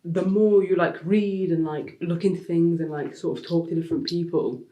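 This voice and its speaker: A woman's voice: lowish voice, normal speed. Chatty woman, lots of fillers. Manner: chatty, heavy use of "like" fillers; animated storyteller, acts out quotes. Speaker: interview guest. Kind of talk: casual conversational interview.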